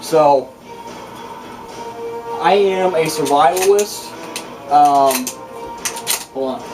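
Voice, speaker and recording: On a distant mic with loud music in the background, a channel host with a highish voice draws out his words. He rambles through a boastful, foul-mouthed vlog monologue, restarting again and again.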